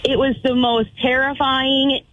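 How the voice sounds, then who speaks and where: A woman in her thirties telling a frightening story as a caller, talking fast and acting out what people said. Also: sits high, little pitch movement, narrow, tinny audio. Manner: breathless retelling with quoted dialogue. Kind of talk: casual storytelling.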